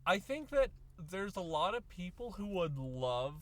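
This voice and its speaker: High-voiced animated young man. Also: unhurried. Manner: animated, acts out imagined dog voices with big laughs. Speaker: podcast co-host. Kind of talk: casual chat.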